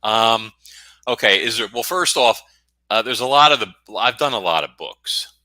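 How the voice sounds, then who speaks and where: A middle-aged American man with a very deep voice and a sharp, forceful tone. He rambles and cracks self-deprecating jokes as a podcast guest. The sound is dry and close. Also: expressive, moderate pace, no room sound. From United States. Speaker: guest author. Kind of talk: casual podcast interview.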